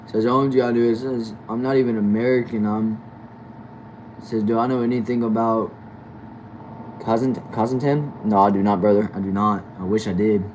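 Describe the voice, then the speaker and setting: A man's voice: fairly low pitch, steady tone, fairly quick, darkish tone, slight background noise, low-quality recording. Laid-back young man streaming. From Texas. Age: 20s. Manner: laid-back, reads chat aloud and answers wryly. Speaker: livestreamer. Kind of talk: casual livestream chat reading comments. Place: small back room at home.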